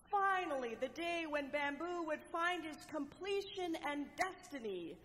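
A woman preacher telling a parable as a sermon, with measured delivery and dramatic pauses. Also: high-pitched, fairly bright tone. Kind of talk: sermon storytelling. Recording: long echoing hall reverb.

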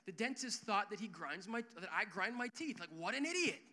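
High, bright-voiced young pastor preaching. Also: male voice, brisk. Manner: energetic storytelling with quoted dialogue. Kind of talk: sermon. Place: church hall with worship music. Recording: reverberant church hall.

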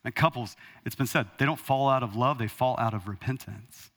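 A man in his thirties preaching a sermon from the pulpit, animated and rhetorical, calling out to the congregation. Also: medium pitch, brisk. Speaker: pastor. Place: church hall. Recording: long hall reverb.

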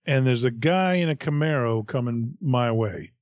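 A middle-aged man, a podcast co-host, telling a profane, animated story in casual chat. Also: medium pitch, moderate pace, no echo, muffled recording.

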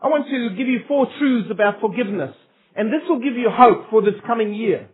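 Fairly quick and animated, a male pastor with a very high, husky voice preaches earnestly and emphatically, asking rhetorical questions. The audio is tinny, as if recorded over a phone.

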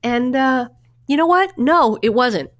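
A woman's voice: sits high, expressive, measured pace, a bit bright. A middle-aged woman co-hosting a casual chat, telling personal stories with lots of restarts and the odd swear word. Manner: chatty storyteller with frequent restarts and swearing. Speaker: podcast co-host.

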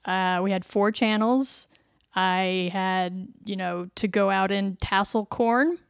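A woman's voice: medium pitch, fairly even intonation, takes it slowly, clean tone, no echo. A woman from Missouri with a slight Missouri accent, a podcast guest chatting casually with dry, wry humor.

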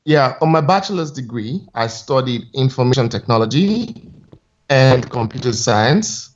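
A young man, chatting as a podcast guest and telling his story in a relaxed way. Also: mid-range voice, normal speed, lo-fi sound. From Nigeria. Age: young adult. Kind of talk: conversational interview.

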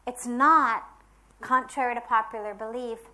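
A woman giving an earnest, emphatic spiritual talk, pausing between phrases. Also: on the high side, steady tone, sharp tone. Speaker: spiritual teacher.

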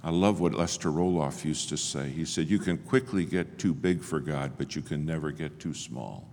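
Older guy preaching, very low voice, acts out all the back-and-forth, faint room hum behind. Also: normal speed, gravelly, darkish tone. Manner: storytelling, acts out dialogue with big swings in pitch and volume. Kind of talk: sermon. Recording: long hall reverb, faint ambience.

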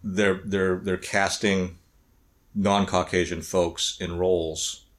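A man's voice: sits low, level tone, slow pace, fairly bright tone. A middle-aged man co-hosting a podcast in casual chat, often repeating words and restarting phrases while he thinks. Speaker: podcast co-host.

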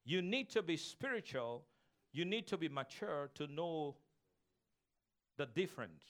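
A man's voice: fairly high pitch, sing-song, a little slow, a bit bright. A man pastor preaching a sermon in a church sanctuary, emphatic and repetitive, calling on the congregation to repeat after him.

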